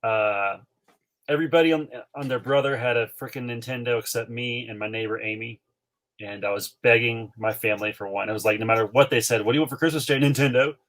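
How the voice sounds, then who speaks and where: A man in his forties from North Carolina, co-hosting a podcast and telling a childhood story in an animated way, with many fillers. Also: on the low side, a little fast. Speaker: podcast co-host. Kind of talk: casual storytelling chat.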